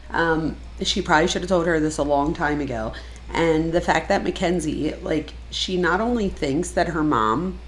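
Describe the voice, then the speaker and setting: Woman doing true crime reaction commentary, low voice, gets loud and exasperated, faint hiss behind. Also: low-quality recording. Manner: emphatic, exasperated, with loud bursts.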